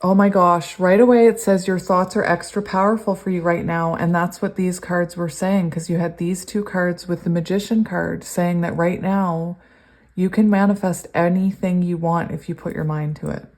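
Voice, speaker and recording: A woman doing a pick-a-card tarot reading. She gushes with excitement and laughs often, then reads card messages aloud in a steady cadence. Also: lowish voice, moderate pace. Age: adult, long sober. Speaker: tarot reader.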